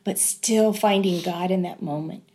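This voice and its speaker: A middle-aged woman speaks as an interview guest with a slightly low voice. She tells a personal story in an earnest, reflective way and pauses often. It sounds like a relaxed sit-down conversation. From Southern California.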